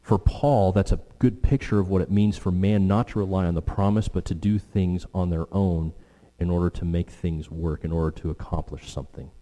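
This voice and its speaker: A man's voice: steady tone, fairly quick, warm tone. A man preaching a sermon, expounding scripture with emphatic, rising delivery when he quotes and restarts now and then. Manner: emphatic, rising in pitch and volume when quoting. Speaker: pastor. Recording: long hall reverb.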